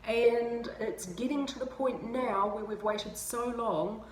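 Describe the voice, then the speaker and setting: A woman's voice: on the high side, slow, darkish tone. A woman from New Zealand with a New Zealand accent, chatting casually to camera in a self-mocking way and laughing often. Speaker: vlogger. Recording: roomy with faint ambient noise.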